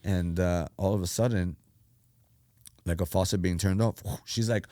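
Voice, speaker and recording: Middle-aged man, lower voice, dry close sound, lively storyteller. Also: moderate pace, dry recording. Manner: animated storyteller who acts out quotes. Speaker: pastor, podcast guest. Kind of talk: telling his life story.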